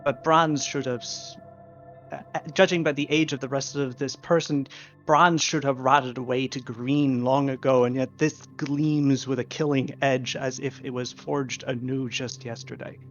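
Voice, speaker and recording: A man narrating a tabletop game as game master, slowly describing the scene with occasional fillers. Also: medium pitch, fairly even intonation, faint music behind. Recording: dull lo-fi recording.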